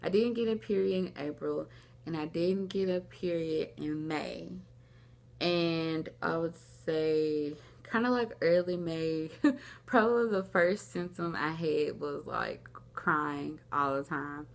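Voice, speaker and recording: A woman's voice: low-pitched, fairly even intonation, slow, creaky. A young woman vlogging at home, telling a personal story in a rambling, casual way, acting out what people said. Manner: rambling, lots of "like", acts out quoted dialogue. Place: at home, indoors.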